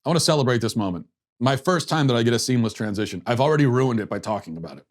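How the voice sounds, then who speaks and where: A man's voice: mid-range voice, animated, rapid-fire. Sarcastic male political commentary host. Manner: sarcastic, mocking, with frequent restarts.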